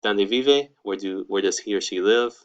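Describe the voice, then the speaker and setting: A man's voice: low voice, fairly even intonation, brisk, dull audio. A man, teaching an online language lesson in a casual, upbeat way. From United States. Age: 20s. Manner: casual, upbeat, peppered with "all right, cool". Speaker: Spanish teacher.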